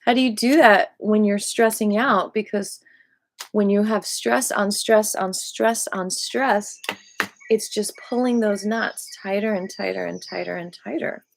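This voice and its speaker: A woman's voice: mid-range voice, unhurried, gravelly. A woman giving a casual, rambling qigong meditation talk outdoors among trees, tired from a night up. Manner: rambling, relaxed, full of fillers. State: tired from staying up all night. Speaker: qigong teacher. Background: birds and rustling trees.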